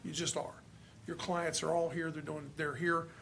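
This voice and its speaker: A male county commissioner speaking at a public hearing, frustrated and halting, with many restarts. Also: fairly high pitch, level tone, gravelly, fairly bright tone, slight background noise. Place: hearing room.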